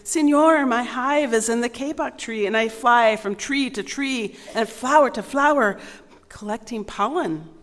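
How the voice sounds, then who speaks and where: A woman voicing a busy buzzing bee in a children's story, with a bright storytelling animal voice. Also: a little high, unhurried, natural voice. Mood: earnest. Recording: long reverb in a large hall.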